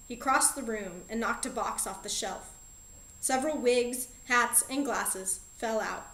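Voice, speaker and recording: A woman narrating a children's novel audiobook with clear, even storytelling. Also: a little high, a little slow, roomy sound, poor audio.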